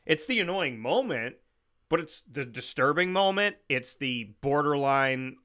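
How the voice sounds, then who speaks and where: A man's voice: on the high side, lively intonation, a little slow, pushed and bright. Incredulous man ranting on radio. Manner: incredulous, sarcastic, rambling with restarts. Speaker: radio show host. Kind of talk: casual radio monologue.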